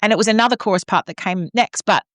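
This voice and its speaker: A woman's voice: medium pitch, fast, fairly bright tone, dry recording, clean studio sound. An Australian woman co-hosting a podcast in casual chat, rambling and teasing as she tells stories. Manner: chatty, rambling with restarts, teasing. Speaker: podcast co-host.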